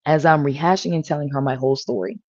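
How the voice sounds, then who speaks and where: A woman's voice: low voice, quick pace, a little mellow, no echo. A woman telling her own story in an earnest, emotional way as a panel guest. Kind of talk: personal testimony. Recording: dull lo-fi audio.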